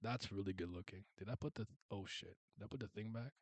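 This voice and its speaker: A man giving casual reaction commentary as a video host, excitable and often laughing and swearing. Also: fairly low pitch, quick pace, no room sound.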